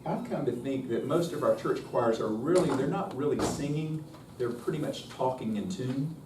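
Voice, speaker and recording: A folksy man with a North Carolina twang lecturing at a choral workshop, his voice sitting at an ordinary middle pitch. He is picked up from a distance in a roomy space. A faint hiss runs underneath. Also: moderate pace. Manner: folksy, chatty, demonstrates by singing. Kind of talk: workshop lecture with sung demonstrations.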